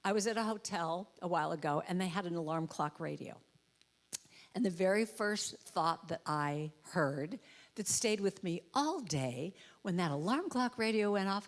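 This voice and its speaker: A woman gives an inspirational talk from a church stage. She speaks playfully and slips into high, comic voices to act out what people say. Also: expressive, normal speed. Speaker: guest speaker and musician. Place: church sanctuary. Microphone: handheld or headset mic with trouble.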